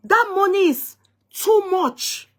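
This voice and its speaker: A woman's voice: very high voice, lively intonation, slow, fairly bright tone. A woman hosting a live-stream talk show, speaking in an emphatic, indignant way and often repeating herself as she recounts a dispute. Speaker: host of an online talk show.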